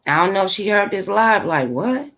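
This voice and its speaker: This channel host's voice is medium-pitched, a bit bright, and brisk. She talks casually to her live viewers, throwing out slang-heavy, blunt, sassy opinions.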